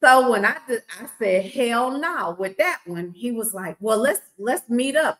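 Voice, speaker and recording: A woman's voice: fairly high pitch, animated, a little slow, few pauses, a bit bright, poor audio. A woman casually recounting a story on a podcast, blunt and sassy, acting out both sides of a conversation.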